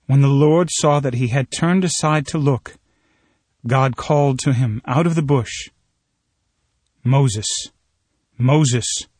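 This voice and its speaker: Husky man reading scripture steadily. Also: medium pitch, no echo. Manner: steady, measured storytelling delivery.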